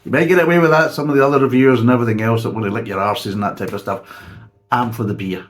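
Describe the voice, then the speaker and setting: A man's voice: medium pitch, steady tone, racing. A man, reviewing a beer in a blunt, sarcastic way and swearing freely. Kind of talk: casual spoken review.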